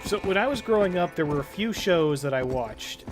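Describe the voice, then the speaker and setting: A man's voice: sits high, animated, moderate pace, music in the background. A man chatting casually and swearing freely while streaming a video game. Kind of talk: casual gameplay commentary.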